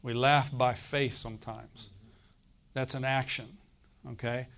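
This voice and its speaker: Animated storytelling preacher man. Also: mid-range voice, a little slow. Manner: animated storytelling preacher, loud bursts and acted-out laughs. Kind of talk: sermon.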